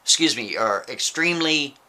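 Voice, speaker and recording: A man's voice: mid-range voice, lively intonation, normal speed, pushed and bright. A man telling a story in a casual, chatty way, often checking in with the listener with "right?" asides.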